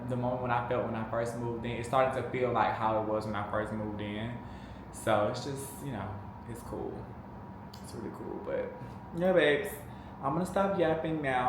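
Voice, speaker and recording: A man vlogging casually to camera as a truck driver, chatty and sassy, calling viewers babes and honey. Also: mid-range voice. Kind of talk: casual vlog chat to camera. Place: small room, at home or in a truck cab. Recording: echoey room, faint background noise.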